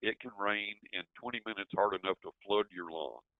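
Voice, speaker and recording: An older man, telling an animated story as an interview guest and acting out his own reactions. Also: fairly low pitch, fairly quick, no echo. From West Texas. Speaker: guest, psychic. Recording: dry, tinny phone line.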